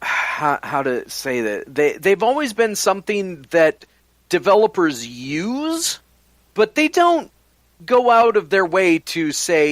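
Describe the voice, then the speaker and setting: Slow, rambling man on a podcast. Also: high-pitched, sing-song, dry recording. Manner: rambling, musing, restarts often. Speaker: podcast co-host. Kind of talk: casual podcast chat.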